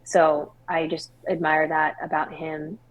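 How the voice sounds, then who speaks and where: Candid, expressive woman podcast guest. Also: low-pitched, unhurried, narrow, tinny audio. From Washington State, US. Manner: candid, expressive storytelling with laughs and quoted dialogue. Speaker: guest singer-songwriter. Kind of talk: podcast interview, personal story.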